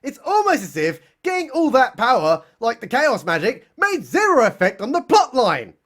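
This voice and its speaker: A man's voice: extremely high pitch, wildly swooping pitch, moderate pace, a bit bright. A man narrating a mocking, sarcastic comedy recap of a TV episode. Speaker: comedy reviewer.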